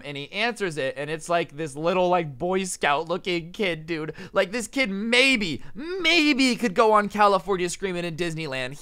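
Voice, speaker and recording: Young man, storytime vlog, animated and casual, dry close sound, slightly high voice. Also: clear, resonant tone, no echo. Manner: rapid and animated, full of "like" and "you know". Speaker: storytime vlogger.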